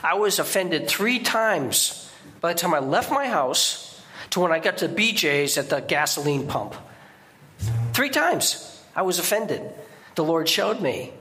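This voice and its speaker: Bright-voiced man preaching with sudden emphasis. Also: sing-song, unhurried. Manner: conversational preaching with repeated restarts and sudden high emphatic outbursts. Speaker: guest preacher. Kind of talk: sermon. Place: church.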